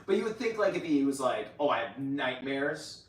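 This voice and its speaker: A man's voice: mid-range voice, sing-song, normal speed. A man co-hosting a casual review chat, chiming in with short remarks and laughing often. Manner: chimes in briefly, laughs often. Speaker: show co-host. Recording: roomy echo, distant mic.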